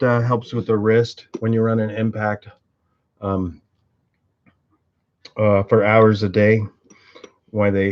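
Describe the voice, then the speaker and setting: This man makes tool and engine videos, and here he rambles casually through a workshop demo of his tools, cracking jokes and swearing while he works. His voice is on the low side against a noisy background. The recording sounds muffled, with distinct clicking.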